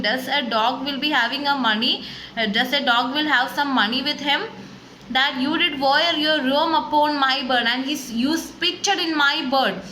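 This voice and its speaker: A woman teaches a class, retelling a play's lines in her own words with frequent restarts and fillers. Her voice sits high and sounds bright and clear. The recording has the echo of a classroom with faint background noise. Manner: paraphrasing text with many restarts and fillers. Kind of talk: classroom literature lesson.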